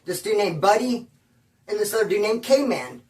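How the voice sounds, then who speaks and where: A man's voice: high-pitched, expressive, moderate pace, a little mellow, recorded from a distance. A man from California casually telling a prison story in rambling, slang-heavy talk. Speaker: former inmate telling prison stories.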